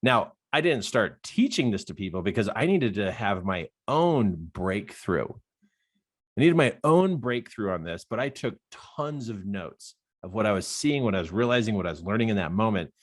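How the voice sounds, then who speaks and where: A man's voice: lowish voice, moderate pace. A man, a life coach, telling a personal story with lots of laughter and acted-out dialogue. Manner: expressive, laughs often, acts out dialogue.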